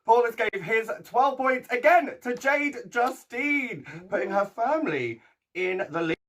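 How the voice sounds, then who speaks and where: Camp male host, high pitched, theatrical links between jury votes. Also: animated, measured pace, a bit bright. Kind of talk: live show hosting.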